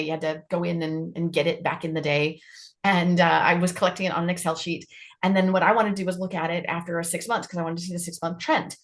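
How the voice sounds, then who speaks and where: A woman co-hosting a leadership podcast, telling a story in a lively way and acting out the dialogue in it. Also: fairly low pitch. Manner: animated storyteller, acts out quoted dialogue, repeats herself. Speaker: podcast co-host, leadership trainer. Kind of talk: casual conversation, storytelling.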